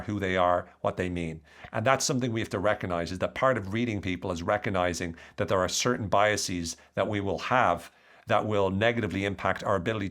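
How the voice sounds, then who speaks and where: A man with an Irish accent talks through his ideas on a solo podcast. His voice sits low, and he explains in an animated, lively way. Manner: explanatory, animated, acts out quoted lines. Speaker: podcast host.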